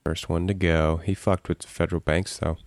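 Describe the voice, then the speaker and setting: A man's voice: deep voice, little pitch movement, normal speed, no echo. A man co-hosting a podcast in casual chat, dry and matter-of-fact as he shares trivia. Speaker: podcast co-host.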